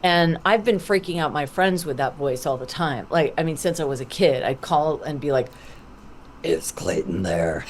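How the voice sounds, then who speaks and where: Low-voiced woman telling lively stories. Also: moderate pace, hardly any pauses, slight background noise. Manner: lively anecdotal storytelling with acted-out quotes. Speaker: voice actor guest. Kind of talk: podcast interview. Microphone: video call.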